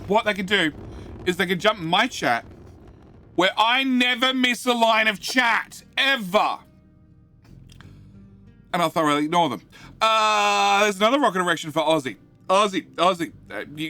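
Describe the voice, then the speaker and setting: A man hosting a live game stream, chatting with viewers in a jokey, excitable way and often repeating his words. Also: sits high, measured pace, long pauses, soft background music.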